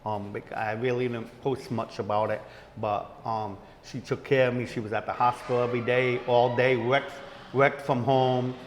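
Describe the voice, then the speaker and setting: A man co-hosting a casual comedy chat show, rambling and halting with lots of fillers, in front of a small live audience. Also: mid-range voice, little pitch movement, slight background noise. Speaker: co-host. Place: local venue with live audience. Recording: room with long reverb.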